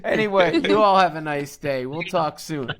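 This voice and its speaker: Man, host, video call, brash, profane, jokey, slightly high voice. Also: normal speed, a loud crowd. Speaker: crypto trading host. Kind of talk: live video call talk.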